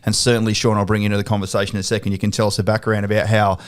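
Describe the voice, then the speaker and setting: A man's voice: fairly low pitch, little pitch movement, very fast, smooth. An Australian man hosting a podcast in a studio. He chats casually, swears freely and tells stories by acting out quoted exchanges. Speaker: podcast host. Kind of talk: casual interview chat.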